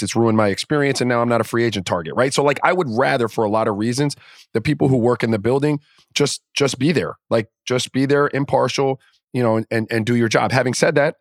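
A man's voice: medium pitch, dry recording, studio quality. A man co-hosting a podcast who gives strong opinions in casual sports chat. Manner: opinionated, emphatic, with many restarts. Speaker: podcast co-host.

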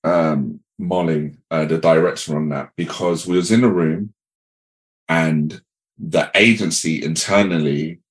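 Deep-voiced man telling a story animatedly. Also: unhurried. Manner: animated storytelling with acted-out quotes and many fillers. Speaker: podcast host. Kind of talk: casual chat.

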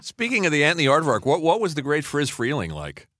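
A man's voice: on the high side, wildly swooping pitch, fast talker, noisy background. A man co-hosting an interview podcast, enthusiastic and asking well-researched questions. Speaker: podcast co-host. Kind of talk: casual interview chat.

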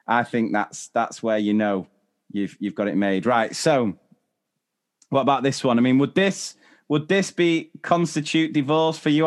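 A man in his thirties co-hosting a podcast, reading out stories and quizzing his co-host. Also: medium pitch. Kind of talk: casual chat.

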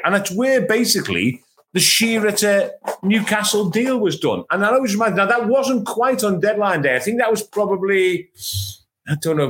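Animated man telling football stories. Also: a little high. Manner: animated storyteller, repeats words as he restarts. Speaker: football panelist. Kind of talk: casual panel chat, telling anecdotes. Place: at home, remote.

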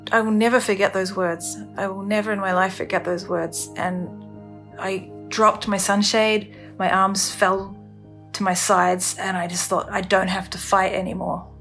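A woman telling her own story on a podcast, halting and emotional, with many restarts. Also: medium pitch, flat delivery, creaky, a bit bright, faint music behind. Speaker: storyteller recounting her ordeal. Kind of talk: candid first-person podcast testimony.

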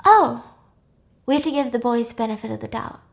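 A woman acting out a cold, taunting young woman avenger in a film recap, speaking with sarcasm and quiet menace. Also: a little high, moderate pace, creaky. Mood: sarcastic.

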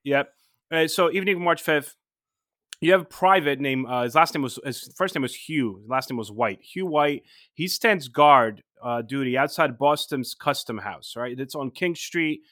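Bright-voiced man telling a story. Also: medium pitch, moderate pace, no room sound, clean studio sound. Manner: retells events step by step, checking in with "right?". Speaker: podcast co-host. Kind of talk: casual storytelling.

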